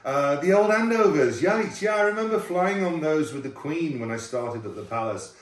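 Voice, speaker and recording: A man's voice: a little high, animated, moderate pace. Middle-aged male host, easygoing and self-deprecating, mic set back in a roomy space. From United Kingdom. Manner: chatty, laughing, self-deprecating. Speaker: host, former royal chef. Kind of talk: casual Q&A chat. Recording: roomy sound from a distant mic.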